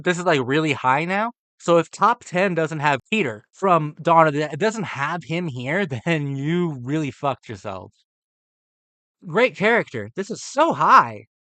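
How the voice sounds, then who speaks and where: A man's voice: fairly high pitch, bright, forceful tone, no room sound. A man reacting to a horror movie ranking list, ranting with profane, exasperated sarcasm.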